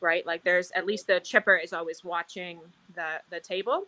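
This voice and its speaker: A woman's voice: fairly low pitch, fairly even intonation, moderate pace, pushed and bright, poor audio. A young woman guest, a casino dealer, talking casually and rambling with lots of "like". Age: young adult. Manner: rambling, says "like" constantly. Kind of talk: casual chat.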